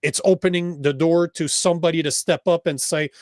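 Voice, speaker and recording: A man's voice: fairly high pitch, steady tone, brisk, no room sound, clean studio sound. A man with a Quebec French accent, co-hosting a casual political podcast, emphatic and profane, often restarting his sentences. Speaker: podcast host.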